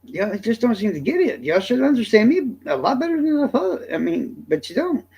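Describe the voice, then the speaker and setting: A man's voice: high-pitched, very animated, a little fast, gravelly, a little mellow, husky. A man streamer from the American South, delivering a profane, combative rant straight at his chat. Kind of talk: ranting livestream monologue.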